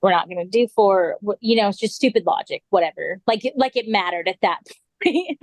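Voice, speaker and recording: A woman's voice: mid-range voice, lively intonation, fairly quick, no echo, rough recording. A woman guest on a podcast, recounting a personal story casually, full of "like" and acted-out quotes.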